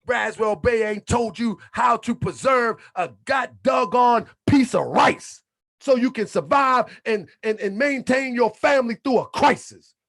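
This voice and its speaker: A man hosting his channel, preaching in a fiery monologue with shouted, repeated lines and colloquial talk, a little under the weather. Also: extremely high pitch, unhurried, gravelly. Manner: colloquial, drops into muttered asides. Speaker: channel host.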